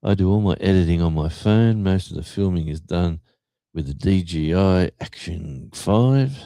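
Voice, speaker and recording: Australian man, very deep voice, mellow tone, dry close sound, rambling livestream chat. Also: moderate pace, no room sound. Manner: rambling, many fillers and restarts. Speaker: livestream host. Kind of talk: casual chat reading a live chat.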